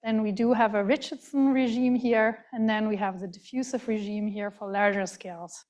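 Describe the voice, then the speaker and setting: Her voice sitting a bit high, a German-accented woman lectures academically in a big hall. She speaks carefully and haltingly, often using fillers and starting words over.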